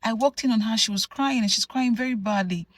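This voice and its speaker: A woman from Nigeria telling a personal story to camera in an animated, conversational way, full of asides. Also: fairly high pitch, brisk, no echo. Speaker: vlogger. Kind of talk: storytelling vlog.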